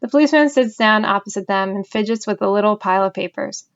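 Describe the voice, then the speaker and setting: A woman reading a novel aloud in an even storytelling manner. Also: medium pitch, fast, clear, resonant tone, highs cut off. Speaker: audiobook reader.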